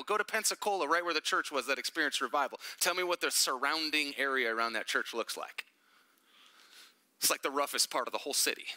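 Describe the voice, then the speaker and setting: A man preaching a sermon as a pastor, animated and emphatic, with joking asides to the congregation. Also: high voice.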